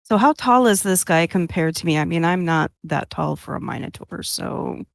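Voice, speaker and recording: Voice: mid-range voice, lively intonation, normal speed, creaky, no room sound, clean studio sound. A player at a tabletop game, asking questions in a joking, casual way.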